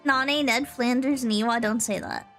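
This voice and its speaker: A woman's voice: on the high side, steady tone, measured pace, fairly bright tone, soft background music. A young woman from Texas, a streamer, chatting casually and rambling with lots of fillers. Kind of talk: casual chat.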